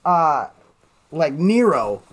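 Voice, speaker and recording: A man's voice: a little high, sing-song, extremely slow. A man in a casual comedy podcast chat, rambling and laughing as he goes. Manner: rambling, laughing, reads toy tags aloud in a singsong.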